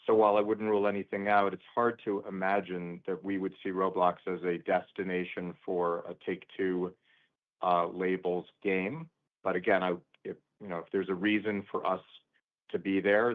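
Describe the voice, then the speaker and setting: Deep-voiced executive man on a phone line. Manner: measured, hesitant with many ums. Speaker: company executive answering analysts. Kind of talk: earnings call answers. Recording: narrow phone-line audio.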